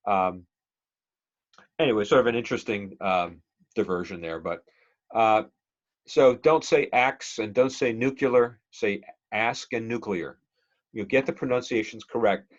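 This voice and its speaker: A man's voice: on the low side, normal speed, pauses often, muffled recording. A male instructor giving a conversational, digressive classroom lecture and quizzing the class with questions.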